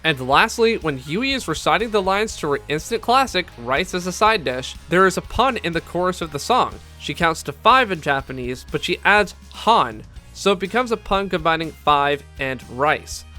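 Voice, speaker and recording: A man's voice: high voice, animated, moderate pace, hardly any pauses, pushed and bright, faint music behind. A man giving scripted video-essay narration as an anime commentator, enthusiastic and candid with fan asides.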